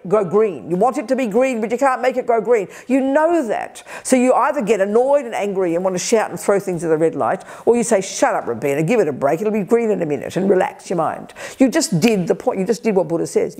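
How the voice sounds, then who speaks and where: An older woman teaching at a Buddhist retreat, energetic and emphatic, acting out people's inner voices. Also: medium pitch. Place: retreat center hall.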